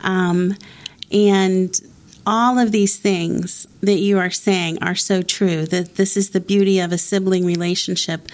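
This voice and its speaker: A woman's voice: on the low side, steady tone, a little slow, a little mellow. A woman in her fifties hosting an interview, speaking in a personal, earnest way. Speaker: interview host. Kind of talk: conversational interview.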